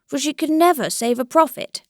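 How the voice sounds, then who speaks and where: A woman reading the lines of an old grey-whiskered country landowner, speaking in a measured, reflective and mildly complaining way, in a dry recording. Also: high voice, no room sound, voice pushed up, lightly acted.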